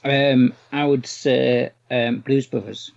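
A man in a casual chat, slow and hesitant, with many ums. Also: medium pitch, level tone, creaky, darkish tone, dry recording. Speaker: podcast guest. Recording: dull lo-fi mic.

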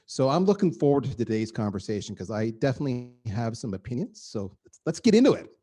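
A middle-aged man, a guest on a podcast, talking in an energetic and emphatic way and repeating words for effect. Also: medium pitch, fast. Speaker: guest, marketing executive. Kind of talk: animated podcast conversation.

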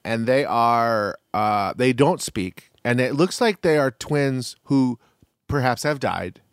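A man's voice: mid-range voice, slow, smooth, no room sound, clean studio sound. A man co-hosting a podcast, chatting casually and joking as he recaps a reality show. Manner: joking, animated, trails off mid-sentence. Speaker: podcast co-host.

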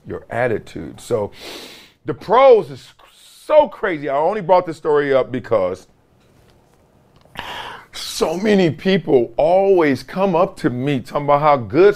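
Animated, lively-voiced man telling stories. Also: mid-range voice. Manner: animated, laughing storyteller, slangy and emphatic. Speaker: sports talk show host. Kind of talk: casual sports commentary with storytelling.

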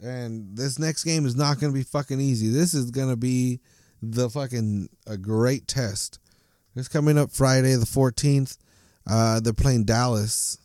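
A man's voice: mid-range voice, a little slow, darkish tone, no echo, clean studio sound. A man ranting angrily about his soccer team, swearing a lot and tripping over his words. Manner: angry, profane, stumbling ranting. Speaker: soccer fan commentator. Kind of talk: casual ranting monologue.

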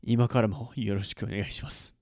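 A man with a lowish voice hosts a podcast, talking slowly with many pauses and ums. His emotion shows as he thanks his listeners. The sound is dry and close. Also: fairly even intonation, vocal fry, darkish tone, no echo. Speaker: podcast host. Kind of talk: heartfelt spoken thanks.

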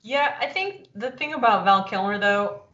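A woman in her forties chats casually on a podcast, spinning an animated story and playing the voices of the people in it. She sounds a little far from the mic, in a roomy space. The recording is dull and lo-fi. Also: mid-range voice, normal speed, slight background noise. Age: 40s. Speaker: podcast co-host.

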